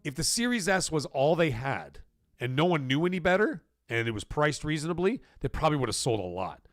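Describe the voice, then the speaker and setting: A man hosting a live stream, talking in a casual, emphatic and repetitive way, his voice getting hoarse. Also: on the high side, sing-song, fairly quick, no echo. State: voice going hoarse. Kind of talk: casual live-stream chat reading donations.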